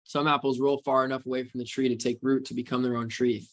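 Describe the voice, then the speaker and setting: A man's voice: medium pitch, flat delivery, fast. A man from the United States hosting a live webinar Q&A as a trading coach, talking casually and rambling into spiritual motivational ideas.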